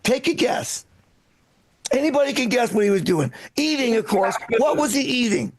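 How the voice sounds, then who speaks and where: A middle-aged man performs a stand-up set in a rambling, profane way, breaking off and restarting his lines. His voice sits high for a man and has a gravelly edge. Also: animated, normal speed. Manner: rambling, profane, self-interrupting delivery. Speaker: stand-up comedian. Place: live comedy stream with echo. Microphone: own microphone.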